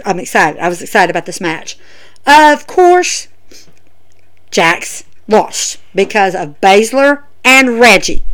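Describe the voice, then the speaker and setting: A woman's voice: medium pitch, fairly bright tone, smooth. A woman giving an emphatic, chatty wrestling show review, talking straight to her viewers. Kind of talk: casual opinion vlog.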